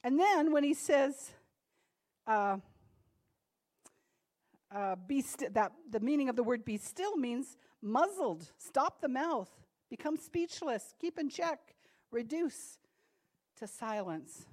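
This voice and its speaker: Animated woman preaching a lively sermon. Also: high-pitched. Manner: animated and conversational, laughing asides, dramatic pauses.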